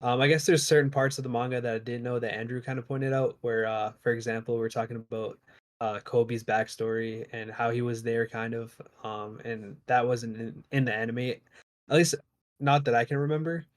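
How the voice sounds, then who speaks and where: A man with a mid-range voice speaks calmly on a podcast panel. He gives his take in a measured way and often pauses to gather his thoughts. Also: mid-range voice. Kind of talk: casual podcast review chat.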